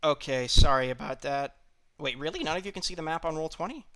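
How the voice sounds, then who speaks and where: A man's voice: on the high side, quick pace, a bit bright. A man running a tabletop game as game master, talking hesitantly and apologizing as he fumbles with the tools.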